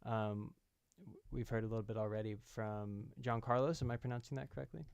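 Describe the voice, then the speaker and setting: A man's voice: mid-range voice, fairly even intonation, brisk, gravelly, a little mellow, clean tone, no room sound. A man hosting a casual stream chat who speaks as a friendly, encouraging moderator and invites others to talk. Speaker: stream host.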